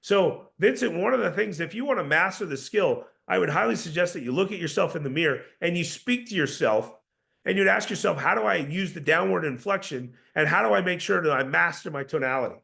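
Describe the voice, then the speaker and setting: A man's voice: high-pitched, animated, a little fast, creaky, bright, forceful tone. A man coaching door-to-door salespeople, emphatic and confident, often repeating words as he starts a sentence. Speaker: sales trainer.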